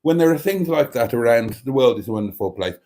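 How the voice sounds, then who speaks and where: Hosting a casual live stream, a man reads chat messages aloud and jokes at his own expense. His mid-range voice is warm and fast, with lively intonation.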